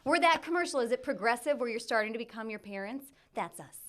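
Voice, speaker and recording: A woman's voice: on the high side, animated, a bit bright. A woman from Chicago's South Side, a TV weather anchor, chatting playfully and joking in an interview. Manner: playful, jokey, quick to laugh. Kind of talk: casual interview chat.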